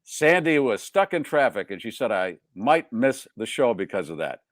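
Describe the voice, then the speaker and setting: A man's voice: medium pitch, sing-song, moderate pace, no room sound, clean studio sound. A man hosting a casual live show, joking around and reading out listener check-ins. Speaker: host.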